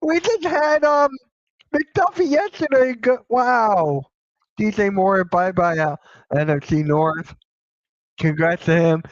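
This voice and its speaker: A young man hosts a casual sports live stream, cursing often and bursting out at breaking news. His voice sits fairly high and he talks at an unhurried pace. The sound is dry and a little dull, like a modest home setup. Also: dry recording. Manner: excitable, swears freely, reacts loudly to news. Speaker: sports show host.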